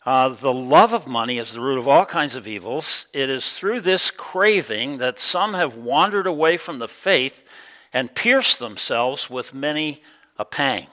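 A middle-aged man preaching a sermon in a relaxed, conversational way, with many ums and uhs. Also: mid-range voice, unhurried, poor audio. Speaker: pastor.

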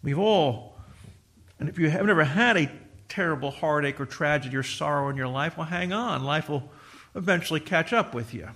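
A middle-aged man preaching a sermon, emphatic, swinging from loud exhortation to quiet, with repeated restarts. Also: on the high side, a little fast.

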